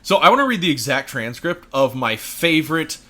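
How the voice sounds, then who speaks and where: A man's voice: on the high side, big pitch swings, fairly quick, sharp tone, faint music behind. A man co-hosting a podcast, chatting about video games in a laid-back way and laughing easily. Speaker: podcast co-host.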